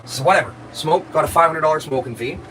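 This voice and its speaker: A man's voice: on the high side, fast, bright, forceful tone, a little hiss or hum, low-quality recording. A man, a live streamer, telling his viewers a story in a rambling, profane and aggrieved way.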